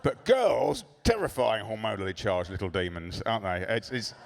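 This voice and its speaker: A man doing a stand-up comedy set in a club, sardonic and profane with deadpan asides. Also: on the low side, moderate pace, gravelly, a little hiss or hum.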